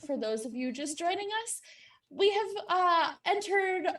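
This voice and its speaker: Slow-talking woman game master, roomy sound. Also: very high voice, animated, fairly bright tone. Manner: slow, laughing, with many fillers. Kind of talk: narrating a tabletop game. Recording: roomy, distant mic.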